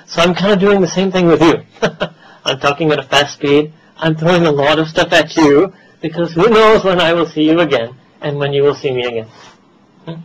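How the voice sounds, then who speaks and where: A man's voice: a little high, slightly rough, low-quality recording. A man with an American accent giving a religious lecture to a gathering, conversational, slipping into Urdu phrases and laughing at his own asides. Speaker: Islamic teacher.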